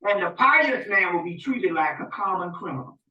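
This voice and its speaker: A man with a high, bright, forceful voice gives a rambling, animated lecture, often checking that his listeners follow him. He is recorded from across an echoey room on dull, lo-fi audio. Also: moderate pace, far from the mic. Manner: rambling, animated, often asks "you see what I'm saying". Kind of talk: informal spiritual lecture. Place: rented lecture room with a small audience.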